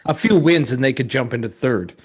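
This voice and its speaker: A man's voice: mid-range voice, expressive, slightly rough. A man co-hosting a podcast, chatting casually, reciting stats and mocking others. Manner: quick to quote and mock others, reciting stats. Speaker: podcast co-host. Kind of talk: casual sports chat.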